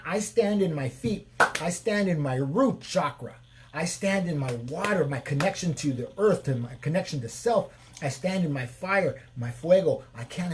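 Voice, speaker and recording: A man with a somewhat high-pitched voice delivers an unscripted spiritual talk as a shamanic healer. He speaks in repetitive, chant-like lines, preachy and blunt, and now and then he swears. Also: darkish tone. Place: Sedona, Arizona.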